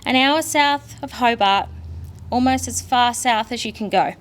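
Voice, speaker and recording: Young Australian woman, daughter delivering a eulogy, fairly high voice, candid and emotional, storytelling. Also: unhurried. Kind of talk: funeral eulogy.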